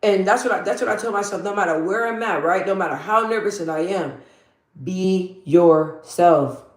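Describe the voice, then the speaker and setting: A woman vlogger with a deep, bassy voice chatting casually while doing her makeup, blunt and slangy, repeating phrases for emphasis like a motivational talk. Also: moderate pace. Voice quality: deep for her, in her own words. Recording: roomy echo.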